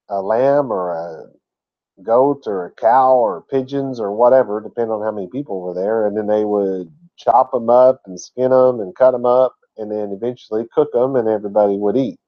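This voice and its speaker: A man's voice: lowish voice, muffled recording. A man teaching a word-by-word scripture lesson in a folksy, chatty way, with asides. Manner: folksy and chatty, laughs at his own asides. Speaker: Bible teacher.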